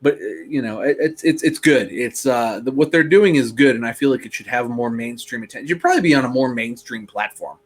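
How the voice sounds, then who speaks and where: A man's voice: mid-range voice, a little fast, few pauses. Rambling man, casual podcast co-host. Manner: rambling, many restarts and fillers. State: bit tongue. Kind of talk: casual chat.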